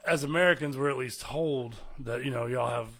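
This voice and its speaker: A man's voice: mid-range voice, brisk, a bit bright. A man from East Texas, hosting a podcast in casual, rambling interview chat. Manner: rambling, chuckles often. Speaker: podcast host.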